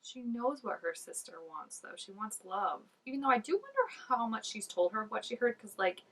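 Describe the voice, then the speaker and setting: A woman giving casual, excitable reaction commentary, full of "like" and dropping into soft asides. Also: on the high side, normal speed, far from the mic, poor audio. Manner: chatty and excitable, peppered with "like", drops to soft asides. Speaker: reaction video host.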